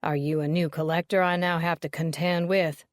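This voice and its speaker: A woman voicing a portly, pompous older man, a leering collector who talks in a loud, brassy drawl. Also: low voice, level tone, normal speed, no room sound, studio quality, natural voice. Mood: brash, leering. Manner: boastful, overfamiliar. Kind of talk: audiobook character reading.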